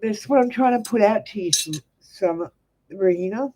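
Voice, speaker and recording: A woman's voice: mid-range voice, normal speed, dark tone, low-quality recording. An Australian woman giving blunt, direct tarot readings to viewers on a live stream. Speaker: tarot reader.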